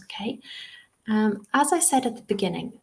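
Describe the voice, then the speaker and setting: A woman's voice: medium pitch, animated, moderate pace, vocal fry. A woman leading an online lesson as a teacher trainer, explaining patiently and often checking in with "okay?". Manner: reassuring, frequent "um" and "okay?" check-ins. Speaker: TEFL trainer. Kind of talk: webinar lesson.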